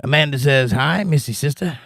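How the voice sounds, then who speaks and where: A man's voice: medium pitch, a little fast, vocal fry, fairly bright tone, dry recording, studio quality. A man from Georgia hosting a livestream, reading viewer comments aloud and telling jokey stories in a folksy way. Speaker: livestream host reading chat. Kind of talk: casual chat.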